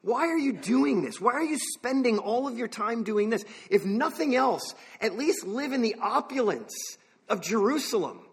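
A man's voice: very high voice, very animated, normal speed, breathy edge, pitched above the performer's own voice, full character voice. David, as a preacher puts him on, a pleading young king-to-be. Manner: urgent, pleading questions.

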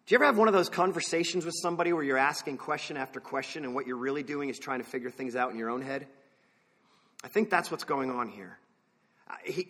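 Husky preacher with a long reverb. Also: male voice, a little high, a bit bright. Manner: conversational, asks the listeners questions, wanders into side thoughts. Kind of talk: sermon.

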